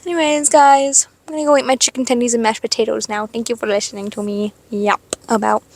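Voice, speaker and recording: Young woman yapping in her parked car, kinda high voice, chatty and animated, lots of "like", dry close sound. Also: a little fast, no room sound. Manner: chatty, animated, lots of "like", jumps to squealing excitement. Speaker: vlogger. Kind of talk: casual storytelling chat. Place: parked car in a parking lot.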